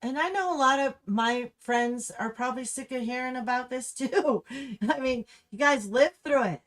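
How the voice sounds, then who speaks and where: A woman hosting a livestream gives angry, impassioned commentary that runs restless and ranting. Her voice sits a touch higher than most. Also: moderate pace, a bit bright. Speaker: livestream host. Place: Humboldt County, California.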